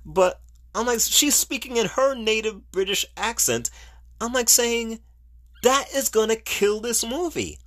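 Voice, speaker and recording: A middle-aged man hosting a podcast, giving casual solo movie commentary in an animated, ranting way and laughing at his own jokes. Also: very high voice, a little slow. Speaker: podcast host.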